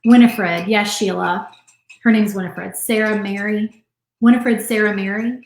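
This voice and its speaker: A woman's voice: mid-range voice, fairly even intonation, unhurried, a little mellow. A woman, chatting casually while she paints and reads viewer comments aloud on a craft livestream. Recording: roomy echo.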